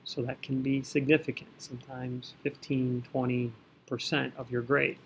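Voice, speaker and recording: A man's voice: medium pitch, level tone, moderate pace, gravelly, fairly bright tone, a little hiss or hum. A man teaching a recorded math lesson, talking through each step and catching his own slips as he goes. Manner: talks through working step by step, self-correcting.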